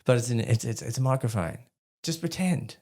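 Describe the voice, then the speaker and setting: Gravelly Australian man telling war stories. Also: mid-range voice, fast. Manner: animated, laughing, acts out voices. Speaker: podcast guest, army veteran. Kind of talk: casual storytelling.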